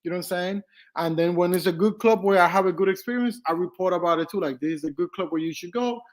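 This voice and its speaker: Young guy vlogging, high voice, swears a lot, acts out what people said. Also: quick pace. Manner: animated, swearing, acts out quotes. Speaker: travel vlogger. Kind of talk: casual storytelling.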